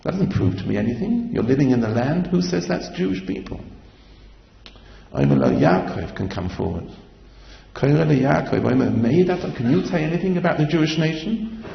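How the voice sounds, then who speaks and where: A man's voice: medium pitch, animated, moderate pace, gravelly. A man giving an impassioned Torah lecture, mixing Hebrew terms into his English. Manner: impassioned, quotes Hebrew and Yiddish-inflected terms. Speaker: rabbi. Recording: echoey hall, dull lo-fi sound.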